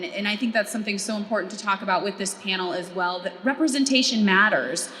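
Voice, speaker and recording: A woman's voice: mid-range voice, sharp tone. A woman moderating a panel, enthusiastic and upbeat as she asks questions.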